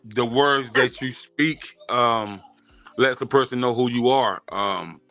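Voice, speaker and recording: A man speaking as a guest in a casual interview, hesitant and halting as he searches for words. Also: medium pitch, sharp tone.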